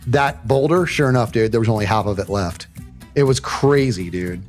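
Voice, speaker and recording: A man telling a story on a livestream in a casual, animated way, often saying "dude" and acting out what people said. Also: medium pitch, moderate pace, faint music behind. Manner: animated, says "dude" and "bro" often, acts out quotes.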